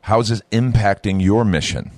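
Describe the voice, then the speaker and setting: Male host, lowish voice, engaged and affirming, dry studio sound. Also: moderate pace, darkish tone, no room sound. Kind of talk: interview.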